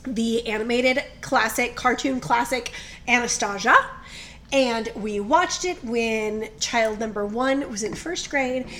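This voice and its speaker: A woman in her thirties co-hosting a podcast, chatting excitably and gushing. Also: fairly high pitch, slow pace. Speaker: podcast co-host. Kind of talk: casual chat.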